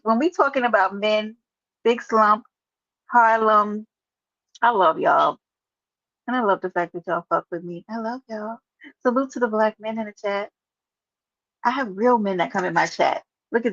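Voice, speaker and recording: A woman's voice: fairly high pitch, normal speed, a bit bright, no echo. Sassy woman livestream host, dry lo-fi audio. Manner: sassy, playful, greets chatters by name. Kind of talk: casual livestream chat. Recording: dull, dry lo-fi stream audio.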